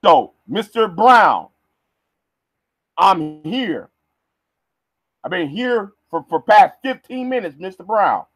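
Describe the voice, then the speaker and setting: A man's voice: sits high, big pitch swings, slow, long pauses, a bit bright, dry recording. A man ranting on a livestream, heated and stammering, repeating words as he goes. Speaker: vlogger.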